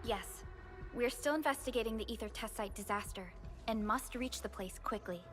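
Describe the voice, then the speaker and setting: A woman voicing a calm, businesslike young leader. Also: on the high side, normal speed, lightly acted. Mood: composed. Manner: composed, polite, businesslike. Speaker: game character. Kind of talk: game voice acting. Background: faint game music.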